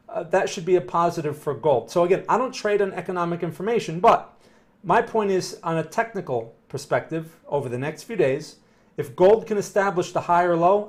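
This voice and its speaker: A man's voice: on the high side, darkish tone. Chatty man walking through trading charts. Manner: conversational, thinking aloud, frequent "right?" and "okay?". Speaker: market analyst streaming a live Q&A. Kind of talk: casual live-stream chart analysis.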